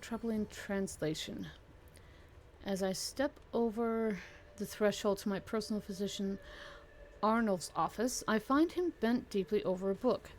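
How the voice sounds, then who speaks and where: A woman's voice: medium pitch, measured pace, darkish tone, a little hiss or hum. A woman streamer playing a strategy game live, chatting playfully and reading the event text aloud. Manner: chatty and playful, bursts of laughter, reads in-game text in an exaggerated tone.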